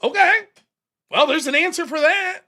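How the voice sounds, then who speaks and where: American man, middle-aged, casual storyteller, swears a lot, bright voice, very lively pitch. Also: normal speed. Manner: profane, animated, laughs often. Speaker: livestream host.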